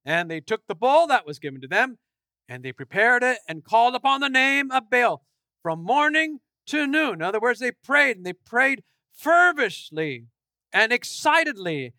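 High bright-voiced guy preaching a sermon, storytelling, cracks jokes, dry close sound. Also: normal speed, no echo. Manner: lively storytelling, acts out voices; jokey asides.

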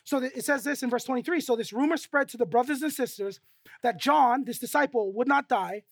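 A pastor preaching a sermon emphatically, often checking in with listeners with quick tag questions and acting out quoted dialogue in a conversational way. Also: mid-range voice, creaky, dry recording, studio quality.

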